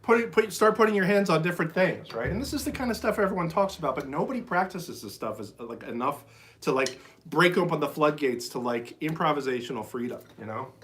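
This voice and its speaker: Streaming from a drum shed on his phone, a man teaches drums casually and enthusiastically, scatting rhythms in syllables and sprinkling in "like" and "right?" His voice is on the high side and fairly bright, with lively intonation and a brisk delivery.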